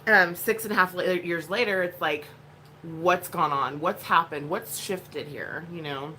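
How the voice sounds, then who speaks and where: A woman's voice: lowish voice, a little slow, bright, forceful tone, slight background noise. A woman vlogging at home, telling a rambling story in a blunt, casual way with plenty of swearing. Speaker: vlogger, mother.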